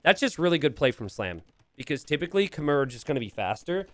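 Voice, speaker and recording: A man's voice: fairly high pitch, big pitch swings, fast talker, fairly bright tone, dry recording. A young man from Pennsylvania casting a strategy game on a live stream, rambling casually and chatting with viewers. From Pennsylvania, USA. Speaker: game caster.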